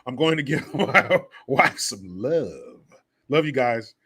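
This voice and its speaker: A man's voice: medium pitch, animated, takes it slowly, sharp tone, husky. A man hosting a livestream, chatting casually and reading viewer donations with crude, profane jokes. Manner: crude, joking, profane banter. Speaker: livestream host.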